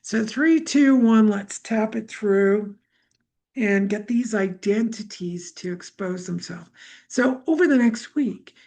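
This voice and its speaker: A middle-aged woman leading a live healing session, talking gently and musingly about feelings and breath, with many fillers. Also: mid-range voice, vocal fry. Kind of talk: guided healing talk.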